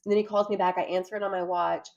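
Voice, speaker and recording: A woman relates what happened to her with earnest, animated energy. Her pitch sits in the middle of the usual range, and she tells the story in the manner of a conversation. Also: very fast, lo-fi sound. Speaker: guest recounting an arrest. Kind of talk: personal account in a conversation.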